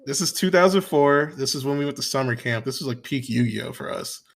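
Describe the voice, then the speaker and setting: A young man co-hosting a casual chat, relaxed and easygoing. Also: mid-range voice, fairly quick, creaky. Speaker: podcast co-host.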